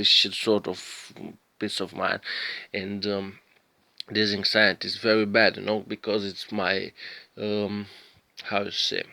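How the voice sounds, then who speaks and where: A man's voice: lowish voice, vocal fry, pushed and bright, dry recording. A man, an English speaker, telling a rambling, profane story and often stopping to search for words. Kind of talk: rambling casual storytelling monologue.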